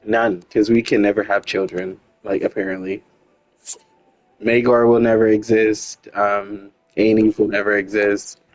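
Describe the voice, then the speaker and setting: Male game streamer, unhurried, dry close sound, faint music behind; chatty and sweary. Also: on the low side, level tone, dry recording, low-quality recording. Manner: rambling, frank, sweary, lots of "like". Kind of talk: casual gaming chat.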